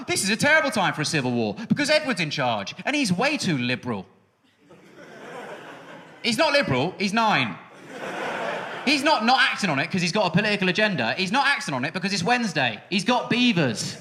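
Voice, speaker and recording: A man in his thirties doing a stand-up comedy set on a music hall stage, talking in a quick, sardonic way with sudden high outbursts. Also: sharp tone. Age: 30s. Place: music hall stage before a live audience.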